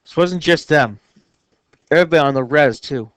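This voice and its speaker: A male teacher reading a novel aloud to his class in steady narration with small slips. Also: a little high, normal speed, long pauses, no room sound.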